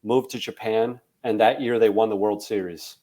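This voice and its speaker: Animated young man telling stories. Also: fairly low pitch, normal speed. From Canada. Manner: animated storyteller, acts out friends' voices. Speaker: guest comedian. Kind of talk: casual podcast storytelling. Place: podcast studio.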